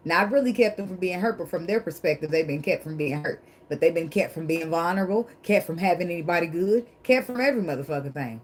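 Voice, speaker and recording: A woman with a lowish voice talks through a casual tarot reading, emphatic and dramatic. She swears freely, laughs often and drifts into preachy asides about faith. A faint hiss of background noise sits under her voice. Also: animated, fast, few pauses, poor audio. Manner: calls herself dramatic. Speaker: tarot reader.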